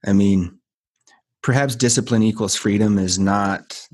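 A man's voice: fairly low pitch, measured pace, a little mellow. A man hosting a podcast, talking in an earnest, emphatic way and repeating phrases to build his point. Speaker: podcast host. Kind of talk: casual podcast conversation.

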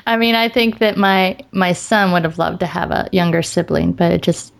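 A woman in her forties, a mother, chatting casually and telling stories in a quick, amused way. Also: fairly low pitch, gravelly. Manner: animated storyteller, quick and amused. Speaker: mother of a daughter and a son. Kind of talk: casual conversation.

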